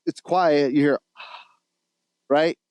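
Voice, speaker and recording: A man's voice: on the high side, steady tone, drawn-out words, darkish tone, dry recording, rough recording. A man co-hosting a podcast, casually retelling a movie plot in a rambling, laughing way, with restarts and the odd swear. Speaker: podcast co-host.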